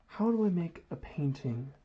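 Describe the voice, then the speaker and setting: A man's voice: on the high side, lively intonation, normal speed, a little hiss or hum. A man rambling through a philosophical monologue while he doodles, drifting into mock-grand phrasing. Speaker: vlogger. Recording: dull lo-fi audio.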